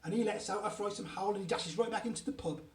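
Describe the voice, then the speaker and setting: A man reading aloud, voicing an excitable, boastful young boy who talks in broken grammar. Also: fast talker, roomy sound, recorded from a distance, lightly acted. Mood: boastful glee. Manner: ungrammatical giant-style speech, bursts high.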